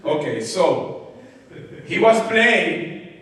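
A man's voice: a little high, big pitch swings, drawn-out words. Exuberant male evangelist in a hall. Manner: exuberant, shouting hallelujahs and calling the congregation to repeat. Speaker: evangelist preacher. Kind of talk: sermon. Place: large church hall. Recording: echoey church hall, mic far off.

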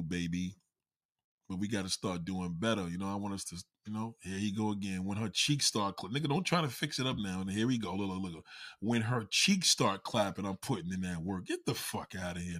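A man's voice: mid-range voice, fairly bright tone, slightly rough. A man giving a heated, mocking, profanity-filled comedic rant to his viewers. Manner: heated, mocking, swears constantly. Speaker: vlogger.

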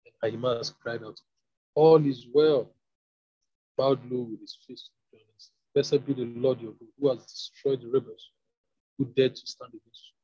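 Husky man reading scripture, lo-fi. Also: mid-range voice, level tone, a little fast, dark tone, no echo. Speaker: scripture reader. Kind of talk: Bible reading. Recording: dull lo-fi recording.

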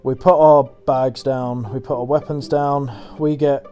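A young man tells a loose, rambling anecdote, swearing freely and laughing as he goes. His voice is mellow and soft-edged, sitting at an ordinary middle pitch for a man. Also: level tone, unhurried, dull audio, soft background music. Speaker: storyteller. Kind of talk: casual anecdote.

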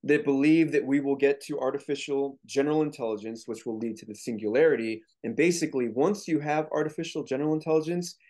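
A man's voice: medium pitch, steady tone, fast talker, hardly any pauses, a little mellow. A man speaking as a guest author in a casual interview, explaining his points earnestly with frequent restarts.

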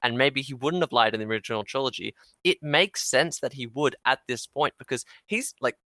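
A man with an Australian accent in a casual film discussion, thinking out loud and leaning on "like". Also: medium pitch, fairly quick, no room sound. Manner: thoughtful, uses "like" often.

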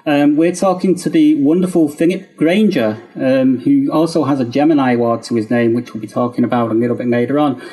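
Dark, husky-voiced male host. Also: mid-range voice, steady tone, brisk, hardly any pauses, rough recording. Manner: hesitant, many fillers and restarts. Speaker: podcast host. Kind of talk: casual interview.

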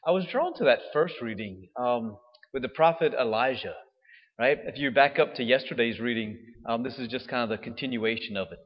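A man's voice: mid-range voice, lively intonation, fairly quick. A man giving a casual, jokey homily as a priest, with fillers and laughs. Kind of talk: homily at weekday Mass. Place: church. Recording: dull reverberant church sound.

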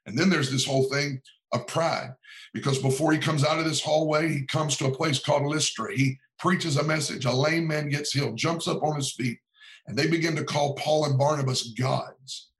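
A man's voice: on the high side, fairly even intonation, normal speed, rough recording. A man, a pastor and author, talking as a podcast guest in an earnest, sermon-like cadence with frequent repetitions. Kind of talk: preaching-style podcast talk.

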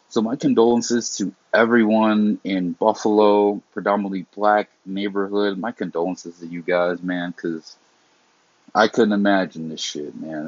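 A young man talks in a heated, rambling way, swears freely and restarts his sentences often. His voice is low and husky. The recording is dry and dull, with a lo-fi tone. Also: no room sound. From immigrant family. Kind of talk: casual unscripted monologue.

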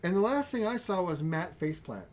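A man's voice: sits high, lively intonation, fairly quick, a little mellow, slight background noise. A man hosting a podcast, telling a long party story in a rambling way and laughing as he goes. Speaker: podcast host. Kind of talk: casual storytelling chat.

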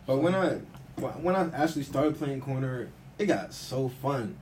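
A man's voice: medium pitch, expressive, moderate pace, a little mellow, far from the mic, rough recording. A young man who plays football, talking eagerly in casual chat. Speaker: football player. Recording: voice off-mic with faint hiss.

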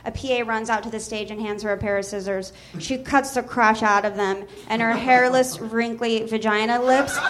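A woman's voice: a little high, fairly even intonation, moderate pace, hardly any pauses, slight background noise. A woman comedian on a small theater stage, reading her comic story aloud and often laughing at her own lines.

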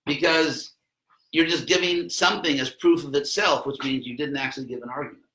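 A man with a bright, slightly raised voice gives a loose, chatty lecture to a class. He wanders off into dry little asides and then comes back to his point. The sound is roomy, with echo from the classroom. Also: fairly high pitch, fairly even intonation, fairly quick, slight background noise. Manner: rambling, conversational, with wry asides.

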